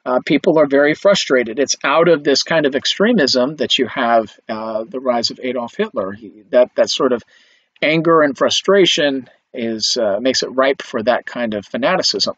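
A man's voice: mid-range voice, normal speed, a bit bright, no echo. A man giving a conversational film history lecture, with many fillers and restarts. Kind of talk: recorded lecture. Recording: dull lo-fi, dry recording.

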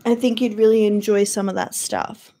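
A woman's voice: medium pitch, fairly even intonation, normal speed, dark tone. A young woman hosting a casual livestream, chatting in a chatty, dramatic way and swearing freely. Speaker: livestream host.

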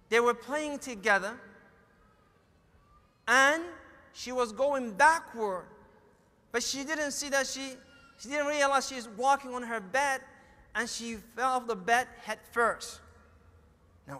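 In a very high, bright, forceful voice, a middle-aged man with a Somali accent tells a family story as part of a sermon, acting out the dialogue. The hall he's recorded in is echoey.

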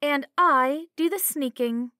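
Woman doing a teasing young adventurer woman, high, raised voice, storybook, dry close sound. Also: slow pace, sharp tone, no room sound, full character voice.

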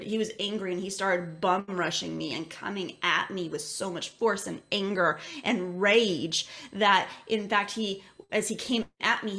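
A woman's voice: medium pitch, fairly bright tone. A woman who is an intuitive medium, telling a personal story casually with many filler words. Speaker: intuitive medium, interview guest.

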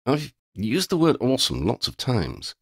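A man reading the part of an awed young man in an audiobook, speaking slowly. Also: mid-range voice, huge pitch swings, creaky, breathy edge, no room sound, studio quality, voice pushed up, full character voice.

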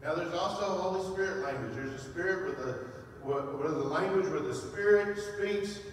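A man preaching a sermon from a fairly high-pitched voice, telling stories with back-and-forth dialogue in a plain, conversational manner. He is picked up from a distance in a church with a long, echoing reverb and a faint hum of room noise. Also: moderate pace. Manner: storytelling with quoted dialogue, conversational and animated. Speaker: pastor. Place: church sanctuary. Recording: echoey church hall, voice from a distance.

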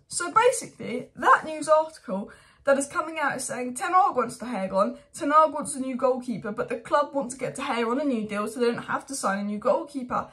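A young woman hosting a football fan channel, ranting in exasperation and firing off rapid rhetorical questions. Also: sits high, expressive, bright, forceful tone. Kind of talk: opinionated fan commentary vlog.

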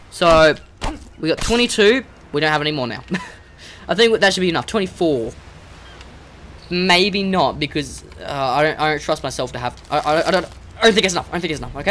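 A young man giving rambling, excitable let's play commentary and yelping at the game creatures. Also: sits high, a little hiss or hum. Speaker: gamer.

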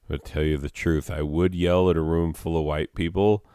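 A man hosting his own channel in a rambling comedic monologue, deadpan, self-mocking and wandering off topic. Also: extremely low pitch, a little fast, smooth, dry recording, clean studio sound. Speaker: channel host.

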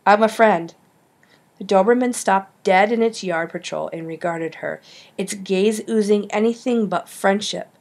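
Woman reading an audiobook, lively storyteller, bit of a gravelly fry. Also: medium pitch, normal speed. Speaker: audiobook reader. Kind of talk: audiobook narration.

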